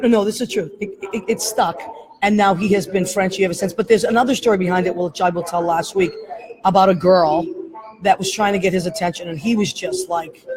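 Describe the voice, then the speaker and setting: A woman's voice: mid-range voice, darkish tone, low-quality recording. A woman hosting a casual talk show, chatting in a rambling way and laughing often. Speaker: host. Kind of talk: casual chat. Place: airport, live streamed on camera.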